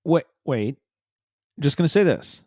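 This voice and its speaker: A man's voice: fairly high pitch, expressive, a little slow, a little mellow. A man hosting a podcast, who tells a long story in a hesitant, rambling way full of uhs. The sound is dry and close, with no room echo. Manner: rambling, hesitant, with many filler uhs and restarts. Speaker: podcast host. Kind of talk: casual chat, storytelling.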